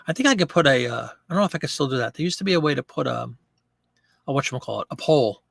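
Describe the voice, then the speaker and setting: A man's voice: fairly high pitch, expressive, fast, vocal fry, pauses often, a bit bright, dry recording, studio quality. A man hosting a live selling stream, chatting casually and joking as he reads viewer comments aloud.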